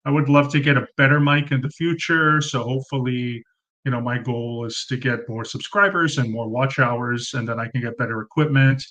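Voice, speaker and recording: A man's voice: mid-range voice, steady tone, moderate pace, a bit bright, rough recording. Thirties male streamer, loose chatty delivery full of ums, cheap mic in a room at home. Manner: chatty, rambling, many ums and uhs, thanks viewers by name. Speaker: livestream host. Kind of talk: casual live Q&A chat. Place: room at home under fluorescent lights. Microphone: cheap desk mic.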